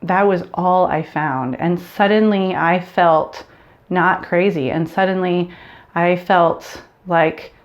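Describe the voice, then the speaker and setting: Woman vlogger, low-pitched, earnest and candid, muffled low-fi recording. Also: slow. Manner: earnest, candid, repeats words and restarts when emotional. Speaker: vlogger sharing grief story. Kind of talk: personal talk to camera.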